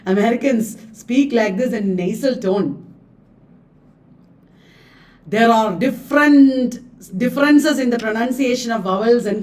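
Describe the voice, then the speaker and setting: Slow, chatty woman teacher. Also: fairly high pitch, darkish tone. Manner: chatty, repeats questions and answers aloud. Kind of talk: exam quiz lesson. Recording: echoey room, distant mic.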